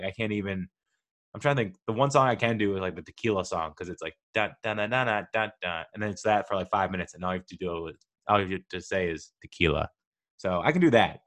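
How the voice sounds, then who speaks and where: A young man hosting his own podcast, talking in a playful, self-mocking way with rambling asides. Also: lowish voice. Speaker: podcast host. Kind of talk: casual solo podcast monologue.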